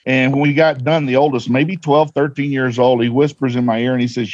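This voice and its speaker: A man's voice: medium pitch, steady tone, brisk, few pauses, a little mellow, no room sound, muffled recording. Earnest man telling heartfelt stories. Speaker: guest, Santa performer. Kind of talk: casual interview talk.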